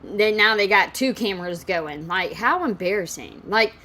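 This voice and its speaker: Woman reacting to a clip, mid pitch, fed up, swears a lot, rambles on. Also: normal speed, sharp tone. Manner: exasperated, profane, rambling. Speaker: commentator reacting to a video. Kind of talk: casual reaction commentary.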